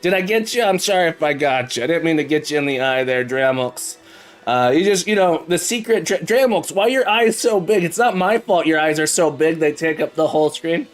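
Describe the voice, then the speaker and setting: A cheerful man hosts a live coding stream, his voice pitched a little high for a man. He jokes easily and greets each viewer by name. Quiet music plays underneath him. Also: expressive, brisk. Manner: upbeat and jokey, greeting chatters by name. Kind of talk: casual live-stream chat while programming. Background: faint background music.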